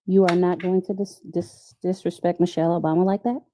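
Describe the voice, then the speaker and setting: Dark-voiced, calm woman co-host. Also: lowish voice, a little fast, a little hiss or hum. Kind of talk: casual chat.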